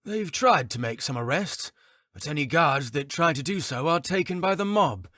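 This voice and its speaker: A man's voice: fairly high pitch, expressive, normal speed, bright, forceful tone, dry recording, studio quality, pitched above the performer's own voice. A man voicing a chatty, chuckling male innkeeper in an audiobook. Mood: gossipy. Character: chuckling middle-aged male innkeeper, gossipy. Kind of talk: audiobook character reading.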